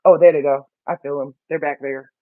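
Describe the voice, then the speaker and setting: High-voiced man chatting through his first garden. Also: steady tone, no echo. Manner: chatty, self-mocking, reads labels aloud haltingly. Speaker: vlogger. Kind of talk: casual chat while gardening. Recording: dry, tinny phone-like sound.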